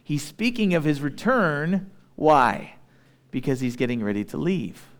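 A man's voice: fairly high pitch, sing-song, a little slow. A man preaching a sermon as a pastor, talking in a conversational way and checking in with his listeners.

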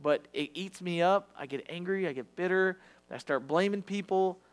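A man's voice: high voice, moderate pace. A man preaching a sermon in a conversational, confessional way, acting out quoted voices. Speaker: pastor.

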